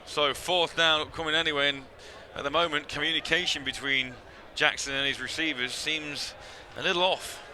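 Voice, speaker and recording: A British man giving play-by-play commentary on a football game, reading out stats and rising in pitch on the big plays. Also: fairly even intonation, normal speed, few pauses, pushed and bright, slight background noise. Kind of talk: live sports commentary.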